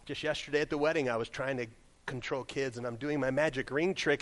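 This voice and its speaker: A man preaching a sermon in a church. He reads scripture loudly and then drops into quiet, joking asides as he tells stories. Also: medium pitch, fairly quick. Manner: animated storytelling, swings from loud scripture reading to quiet asides. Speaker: pastor. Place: church sanctuary.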